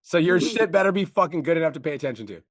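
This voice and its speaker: A man coaching on a call, blunt and profane, talking fast and pressing hard. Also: on the high side, expressive, no echo, studio quality. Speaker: business coach.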